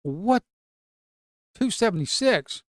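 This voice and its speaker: A man, commenting live on his own futures trades. He swings from shouting at the market to muttering to himself. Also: sits high, big pitch swings, takes it slowly, no room sound, clean studio sound. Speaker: live trading streamer.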